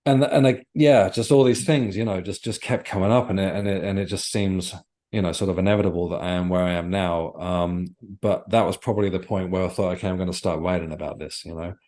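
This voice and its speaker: A man with a very low, deep voice, speaking as a guest author on a podcast. He tells his story in a reflective, earnest way and often stops to search for the right words. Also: fairly even intonation, brisk, a little mellow. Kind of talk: podcast interview, personal storytelling.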